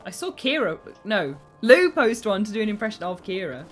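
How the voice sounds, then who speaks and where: A woman's voice: medium pitch, very animated, normal speed, faint music behind. A British woman chatting casually on a live stream, reading comments aloud and making giggly asides.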